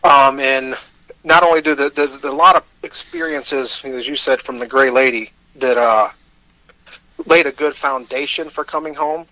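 A man's voice: medium pitch, fairly even intonation, normal speed, bright, forceful tone, no room sound, low-quality recording. A man with a Michigan accent, telling his personal story as a radio guest, candid and self-deprecating, with hesitant restarts.

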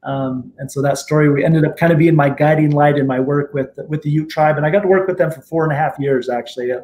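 A middle-aged man being interviewed as a guest, telling stories in a relaxed, rambling way, with many fillers and restarts. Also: fairly high pitch, fast talker, slight background noise. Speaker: guest attorney and tribal judge. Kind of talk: casual interview storytelling.

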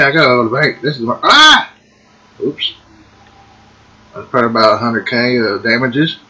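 A man giving folksy, excitable gameplay commentary and calling the viewers folks. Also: mid-range voice, moderate pace, pauses often, low-quality recording. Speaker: gaming video host. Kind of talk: casual let's-play commentary.

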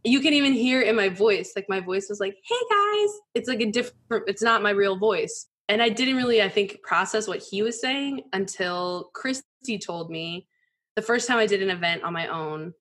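A woman in her thirties, a poker journalist as guest, telling candid stories in a casual, animated way with many "like" fillers. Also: medium pitch, moderate pace. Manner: animated, frequent "like" fillers, mimics voices in quotes. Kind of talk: candid conversational storytelling.

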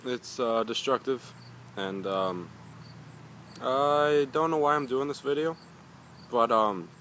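A man's voice: medium pitch, slow pace, a bit bright, slight background noise. A young man reviewing a hot pepper in a casual vlog, rambling and swearing often as he grumbles.

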